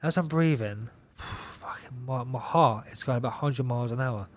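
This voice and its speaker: A young man, a boxer on a podcast, telling a story in casual chat. He swears in nearly every sentence, repeats himself and keeps the telling lively. His voice sits at an ordinary middle pitch for a man. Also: normal speed. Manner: swears constantly, animated, repeats himself, laughs a lot. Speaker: podcast guest, pro boxer.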